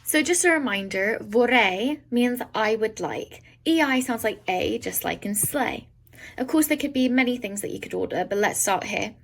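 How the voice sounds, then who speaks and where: A young woman with a somewhat high voice teaches a beginner Italian lesson. She explains in English and slows right down to sound out each Italian word. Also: expressive, rough recording. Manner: slow careful pronunciation of foreign words.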